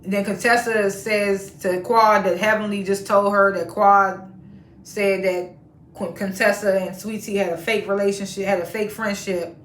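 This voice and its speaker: A chatty woman recaps a reality TV episode in a loose, casual way and laughs often as she retells it. Her voice sits at a middle pitch. The room around her adds a noticeable echo. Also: level tone, measured pace, a bit bright, slight background noise. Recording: roomy echo.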